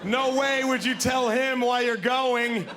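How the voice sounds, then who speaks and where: Male stand-up comic, high voice, animated and loud, live club mic with noise behind. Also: slow, crowd noise. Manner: animated, shouting punchlines, acting out characters in high voices. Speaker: stand-up comedian. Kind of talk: stand-up comedy set. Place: comedy club stage with laughing audience. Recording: noisy live club recording.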